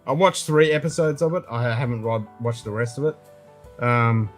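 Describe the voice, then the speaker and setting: A man hosting a casual whisky chat, blunt and quick to swear, laughing often. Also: medium pitch, music in the background. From Australia. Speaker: host.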